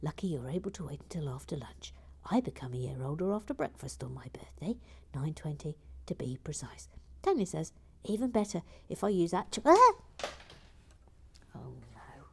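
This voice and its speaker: A woman hosting a live building stream, chatting casually in a soft, often half-whispered voice as she reads out viewer comments. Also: sits low, lively intonation, fairly quick, slight background noise.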